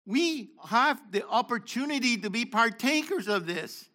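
Older man preaching, high bright voice, lively pitch, quizzes the congregation. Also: a little slow, few pauses. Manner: questions the congregation, calls on people by name; shifts between loud exhortation and low asides. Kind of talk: interactive sermon.

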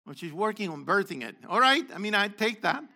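In a brisk, sing-song high voice, an older man leads an interactive sermon, quizzing listeners and calling on people. His delivery alternates between loud exhortation and quiet asides.

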